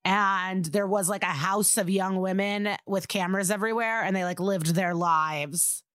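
A woman co-hosting a podcast, chatting in a relaxed, wry way with lots of fillers. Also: medium pitch, normal speed, dry recording, clean studio sound. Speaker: podcast co-host. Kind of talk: casual chat.

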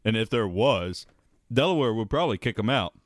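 A man's voice: lowish voice, a little fast, no room sound, clean studio sound. Wry, swearing male podcast co-host. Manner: wry, swears casually, deadpan asides. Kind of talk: casual podcast banter.

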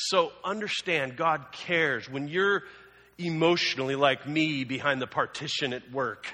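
A man's voice: on the high side, moderate pace, sharp tone. A man preaching a sermon as a pastor, telling the story conversationally with humorous asides. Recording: long hall reverb.

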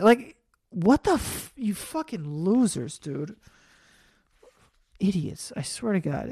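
A man hosting a podcast, rambling in a casual monologue full of swearing that gets worked up and loud. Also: high voice, no echo, studio quality. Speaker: podcast host.

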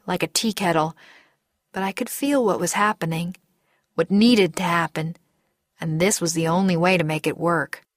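A woman narrating a first-person story in a measured, deliberate way. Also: lowish voice, no room sound, clean studio sound. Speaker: audiobook narrator.

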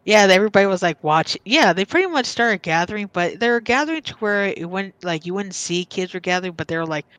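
A woman's voice: mid-range voice, lively intonation, quick pace, hardly any pauses, fairly bright tone, dry recording. A woman guest casually telling a true story from her childhood, rambling with lots of fillers and acting out what others said. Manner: rambling, filler-heavy, acts out quoted voices.

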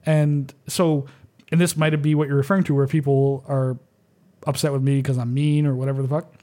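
A man's voice: mid-range voice, level tone, brisk, warm tone. Blunt, swearing man who leads a pipe band. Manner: blunt, profane, laid-back. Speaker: pipe major. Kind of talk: casual podcast chat.

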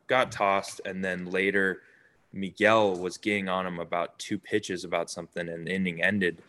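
A young man with a fairly low voice tells stories in a loose, chatty way. He jumps into other people's lines as he recounts them, keeping the pace lively and conversational. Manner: animated, acts out quotes of others. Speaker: baseball player guest. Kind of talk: casual storytelling interview.

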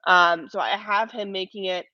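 A woman's voice: medium pitch, fairly even intonation, normal speed, pushed and bright, no echo, highs cut off. A woman sports reporter, a guest on a casual podcast, chatting about football roster picks with self-deprecating humor and frequent ums.

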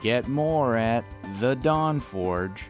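A man reading a podcast's closing credit in a slow, deliberate announcer manner. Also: mid-range voice, lively intonation, over music.

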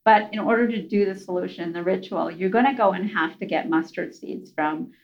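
A woman voicing a calm old head monk in a retold folk tale, speaking quietly and measuredly. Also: high-pitched, brisk, muffled recording. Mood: grave.

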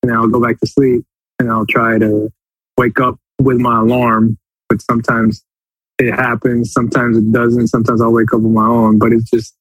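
A man's voice: mid-range voice, completely flat delivery, moderate pace, slightly rough, no echo, rough recording. A man co-hosting a casual soccer podcast, talking in a loose, rambling way and laughing easily. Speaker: podcast co-host.

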